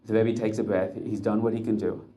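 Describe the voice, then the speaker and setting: A man's voice: lowish voice, little pitch movement, fairly quick, dark tone. A man telling a dramatic story to listeners, building suspense with short, punchy phrases.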